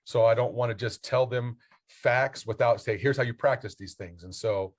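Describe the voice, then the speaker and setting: A man's voice: medium pitch, normal speed. A man, a basketball coach and mentor, talking as a podcast guest, earnest and motivational as he spells out his acronyms.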